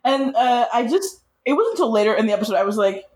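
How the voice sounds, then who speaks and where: Lively joking woman co-host. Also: a little high, fast talker. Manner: joking, dry sarcastic asides. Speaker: podcast co-host. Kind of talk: casual TV recap chat.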